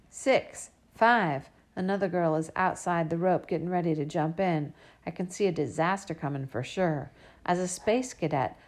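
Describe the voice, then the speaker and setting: A woman reads a storybook aloud in the first person, speaking as a young girl. Her voice sits slightly low, and her reading stays lively. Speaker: audiobook narrator.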